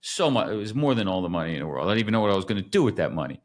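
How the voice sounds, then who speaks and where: A man hosting a business podcast, telling stories in an animated way and acting out quotes. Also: low-pitched, racing. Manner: animated storyteller, acts out quotes. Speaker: podcast host. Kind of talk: casual storytelling chat.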